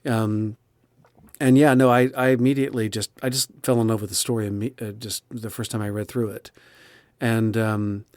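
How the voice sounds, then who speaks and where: A man's voice: fairly low pitch, little pitch movement, moderate pace, a little mellow, no echo. A man who narrates audiobooks, chatting expressively in an interview with frequent restarts. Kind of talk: casual interview chat.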